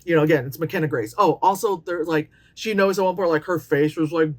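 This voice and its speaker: A woman in her late thirties giving a casual, profane movie review, animated and often mocking characters in put-on voices. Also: low-pitched, fairly quick. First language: Chinese. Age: late 30s.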